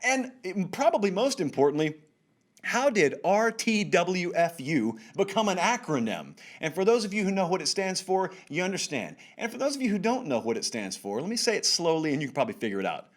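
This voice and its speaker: A man's voice: sits high, very animated, a little fast. A man hosting a sports talk show, wry and sarcastic, with emphatic rising lines. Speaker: show host. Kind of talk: animated sports talk commentary.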